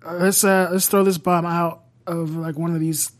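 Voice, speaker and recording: A tabletop player with a dry, exasperated delivery, often sighing and muttering. The voice sits at a middle pitch. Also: little pitch movement, normal speed. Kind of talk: tabletop role-play, playing in character.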